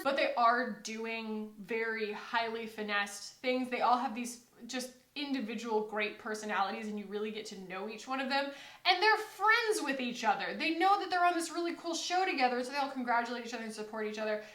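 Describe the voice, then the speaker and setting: Chatty high-voiced woman in an echoey room. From United States. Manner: chatty, rambling, quoting others in animated asides. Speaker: beauty vlogger. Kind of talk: casual chat to camera.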